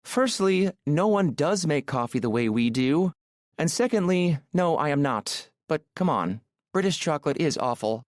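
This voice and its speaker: A man's voice: a little high, animated, moderate pace, no room sound, clean studio sound, pitched above the performer's own voice, close to an everyday voice. A male narrator voicing a refined, proud young Italian woman with a rich, silky voice in an audiobook. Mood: teasing. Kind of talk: audiobook character voice.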